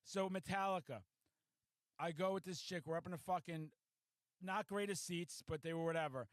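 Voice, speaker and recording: A man with a high-pitched voice hosts a casual podcast, tearing through stories with profane excitement. His voice sounds dry and close, with no room echo. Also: moderate pace. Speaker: podcast host. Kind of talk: casual chat.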